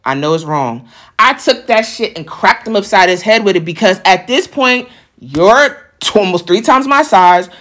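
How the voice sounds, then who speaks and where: A young woman telling a story in a casual, profane way, acting out the voices of the people in it. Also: medium pitch. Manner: animated, profane, acts out quoted voices.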